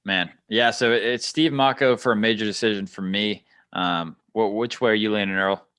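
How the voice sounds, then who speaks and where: Brief: male podcast host, low voice, dry close sound, brisk moderator. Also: steady tone, fairly bright tone, smooth, no echo. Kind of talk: casual chat.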